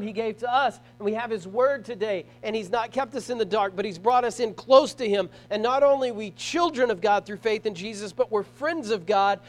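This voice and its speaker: A pastor preaches to his congregation in a church. His voice sits very high for a man. He talks earnestly, stressing points and circling back over his phrases. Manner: earnest preaching with rising emphasis and repeated phrases. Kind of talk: sermon.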